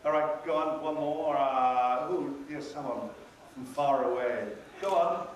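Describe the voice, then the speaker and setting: A man's voice: a little high, measured pace, a crowd in the background. An older man, a convention panel guest, telling dry, theatrical anecdotes to an audience. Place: large hall at a convention. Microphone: recorded from far off by an audience camera. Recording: echoey hall from far off, noisy.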